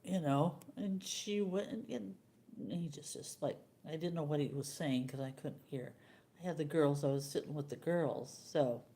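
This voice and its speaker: An older woman hosting a live stream, chatting casually with viewers and telling a rambling, halting story. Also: low-pitched, dark tone.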